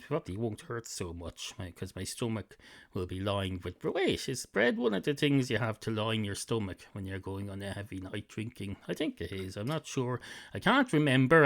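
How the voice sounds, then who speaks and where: A man's voice: mid-range voice, lightly acted. A man voicing a fussy female cat at a bar, in a rambling, sweary, self-correcting improvised comic monologue. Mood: grumbling.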